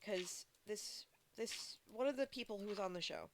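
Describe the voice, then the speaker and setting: Give me a chatty woman streamer of medium pitch, rambling and chatting to viewers as she plays. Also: moderate pace, background noise. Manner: rambling, chatty, many fillers and restarts; talks to chat viewers. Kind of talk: casual live-stream chat while playing.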